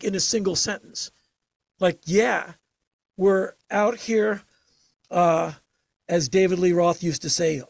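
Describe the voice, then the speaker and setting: An older man spinning stories in a relaxed interview, his voice gravelly and somewhat husky. He tells them emphatically, jumping into sudden animated bursts. The sound is close and dry, with no room around it. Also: sits high, no room sound. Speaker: interview guest. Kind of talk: casual storytelling interview.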